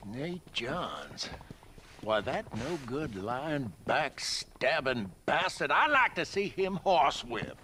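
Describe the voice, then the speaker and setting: A blustering, bright-voiced townsman. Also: medium pitch, big pitch swings, slow pace, slight background noise, full character voice. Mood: blustering, scornful. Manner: blustering, theatrical. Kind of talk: video game dialogue.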